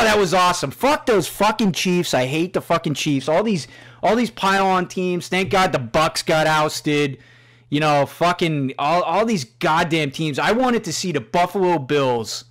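A man's voice: fairly high pitch, a bit bright. Middle-aged guy rambling on his podcast, swearing nonstop, just chatting. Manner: profane, storytelling, swears constantly. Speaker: podcast host. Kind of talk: casual rambling monologue.

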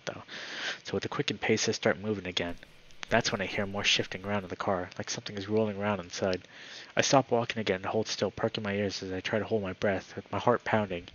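A man reading a visual novel aloud in first person, with a steady storytelling delivery that slows for tense moments. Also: fairly low pitch. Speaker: channel host. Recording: dull lo-fi with faint hiss.

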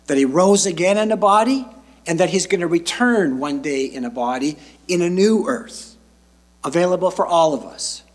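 A man preaching a sermon as pastor, slow and emphatic, stretching out key phrases. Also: fairly high pitch.

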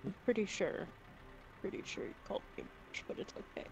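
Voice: brisk, lo-fi sound, a little hiss or hum. A co-host making dry, teasing remarks in casual chat during a video game session.

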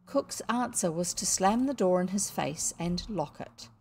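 A woman with a New Zealand accent reading a classic children's story aloud, expressive with the odd slip and restart. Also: fairly low pitch, measured pace, gravelly, few pauses, breathy edge. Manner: expressive, occasional slips and restarts. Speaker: audiobook reader.

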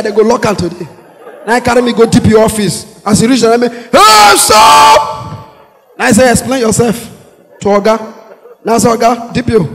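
A Nigerian man with a Pidgin English accent and a very high, piercing voice, animated on stage as he acts out his characters. His voice rings with the long reverb of a big hall. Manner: animated, acts out voices of police, shouting and laughing. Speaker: stand-up comedian. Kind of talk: stand-up comedy storytelling.

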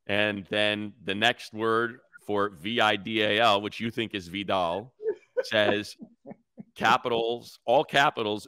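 A man's voice: fairly low pitch, measured pace, bright, forceful tone, clear, resonant tone, no room sound. A man hosting a sports podcast, telling stories in a casual chat and mimicking the voices of others. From Detroit, raised near Chicago.

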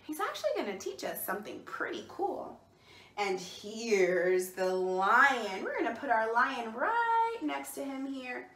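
Sitting indoors, a woman hosts a bilingual children's storytime in a slightly high, sing-song, somewhat bright voice, speaking a little slowly. The sound is reverberant, and she cheerfully encourages the children to say words back to her.

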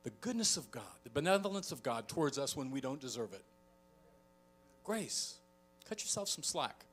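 A middle-aged man preaching a sermon as a pastor, telling stories with animated delivery and acting out quoted voices. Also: on the high side. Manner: animated storytelling, acts out quoted voices, chuckles often.

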